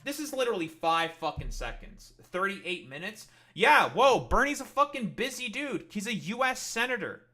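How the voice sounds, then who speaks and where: A man streams live and rants at his chat in a bright, forceful voice that sits a little high. He is combative and swears constantly, switching into sarcastic mockery between his attacks. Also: sing-song, normal speed, few pauses. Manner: heated, profane, combative; sarcastic, mocking.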